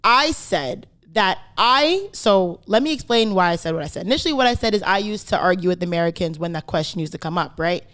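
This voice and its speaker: A woman's voice: lowish voice, lively intonation, brisk, few pauses, fairly bright tone. A young woman, co-hosting a podcast in casual chat and driving her points home with "right?" and "okay?". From Canada. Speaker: podcast co-host.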